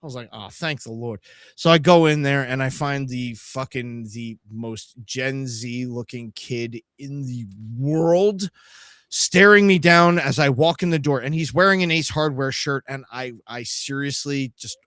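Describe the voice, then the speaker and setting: A man hosting a live podcast, telling a trip story in a profane, animated way and acting out the other people's voices. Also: medium pitch, moderate pace, no room sound, clean studio sound. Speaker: podcast host.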